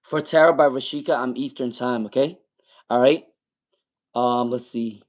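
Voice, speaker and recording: A man's voice: mid-range voice, normal speed. Casual man reading tarot live. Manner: casual, repeats names and questions, laughs often while reading chat. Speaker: tarot reader.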